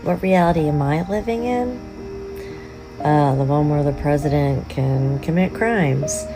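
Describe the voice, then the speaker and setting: A woman's voice: sits low, measured pace, music in the background, low-quality recording. A woman asking and answering herself with sarcastic indignation.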